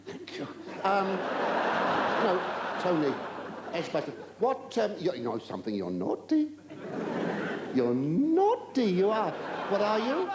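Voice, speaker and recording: A man's voice: high voice, very animated. Older man, camp stand-up comedian on stage. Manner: camp, rambling asides with drawn-out exclamations and stammers. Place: large theatre stage with an audience. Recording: roomy live theatre recording with audience noise.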